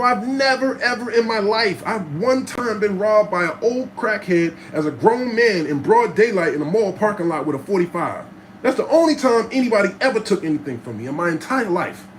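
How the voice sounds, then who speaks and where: A streetwise man talking through his life story in a loose, animated monologue, cursing freely and slipping into the voices of the people he describes. His voice sits a little high for a man. A faint hiss of background noise runs under the recording. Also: low-quality recording.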